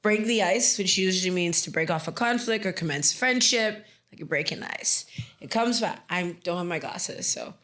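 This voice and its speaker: A woman's voice: fairly low pitch, normal speed, a bit bright. Laughing woman co-hosting a podcast. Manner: reads word definitions aloud, laughs often. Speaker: podcast co-host. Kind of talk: casual podcast chat.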